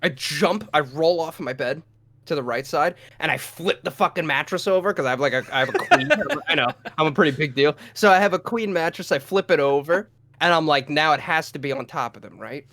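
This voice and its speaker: Young man, podcast co-host, profane, animated storyteller, somewhat high voice, dry close sound. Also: a little fast, no room sound. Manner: profane, animated, acts out his own lines in a loud voice. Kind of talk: casual storytelling.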